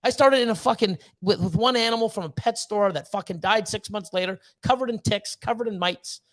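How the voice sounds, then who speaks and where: A man with a notably high voice rants on a livestream, blunt and profane. He pushes hard with fired-up motivational talk and swears constantly. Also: a little fast. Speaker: snake breeder hosting a livestream. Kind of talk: livestream rant.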